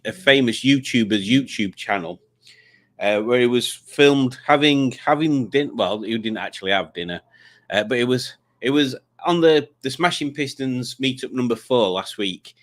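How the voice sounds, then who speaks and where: A man's voice: medium pitch, moderate pace, fairly bright tone. A man hosting a live quiz stream, chatting casually and teasing, with many stumbling restarts. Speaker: livestream host. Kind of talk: casual chat reading comments.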